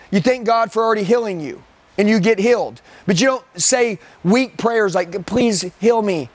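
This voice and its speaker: Intense, high-voiced male sales coach. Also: no echo. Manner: intense, emphatic, repeats himself, calls people dude. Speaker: sales trainer. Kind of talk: live coaching to a room of trainees.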